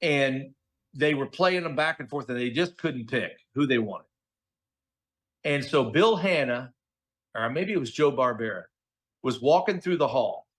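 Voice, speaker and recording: A middle-aged man, a guest voice actor, telling stories in a casual interview, animated and acting out the voices of the people he quotes. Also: medium pitch, measured pace, long pauses. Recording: podcast audio.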